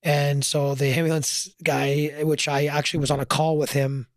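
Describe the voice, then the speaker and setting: Earnest man, higher-pitched. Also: level tone, moderate pace, no echo, studio quality. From Canada. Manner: earnest, emotional, gets choked up. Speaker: firefighter guest. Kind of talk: casual interview storytelling.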